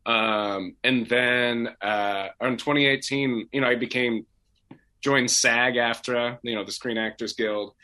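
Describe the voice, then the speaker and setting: A young adult man from Oregon, a voice actor telling his backstory in a relaxed, rambling way full of fillers and restarts. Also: medium pitch, takes it slowly. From Portland, Oregon. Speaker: voice actor guest. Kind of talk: casual interview chat.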